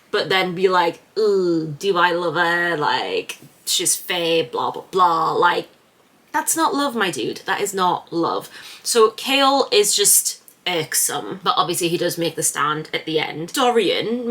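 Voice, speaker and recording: A woman chatting casually in a reading vlog, gushing with animated reactions. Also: on the low side. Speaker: book vlogger.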